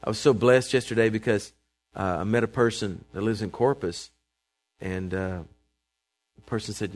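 A man, preaching a sermon to his congregation, emphatic and calling for responses, swinging between loud proclamations and quiet asides. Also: lowish voice, steady tone, normal speed, pauses often. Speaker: pastor. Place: church sanctuary before a congregation.

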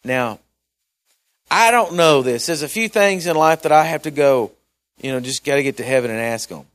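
Male pastor, slightly high voice, conversational folksy sermon delivery with loud-to-quiet swings. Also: expressive, normal speed. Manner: conversational, folksy preaching with asides and repeated words; swings between loud emphasis and quiet mumbling.

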